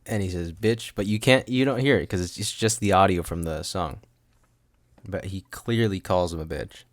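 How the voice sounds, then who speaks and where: A man's voice: deep voice, moderate pace, dry recording, clean studio sound. A man hosting a solo podcast at a home desk mic, rambling with goofy asides and frequent laughs. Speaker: podcast host. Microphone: studio microphone.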